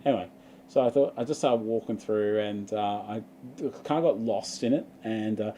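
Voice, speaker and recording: Laid-back Australian guy with a mellow voice. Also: on the low side, moderate pace, a little hiss or hum. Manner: rambling storyteller, laughs often. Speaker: vlogger. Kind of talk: casual livestream chat.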